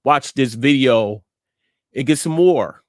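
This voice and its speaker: A man hosting a live studio show, giving a slow, repetitive, emphatic word of encouragement and signing off to viewers. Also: medium pitch, dry recording. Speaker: host and inspirational speaker. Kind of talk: encouraging message and show sign-off.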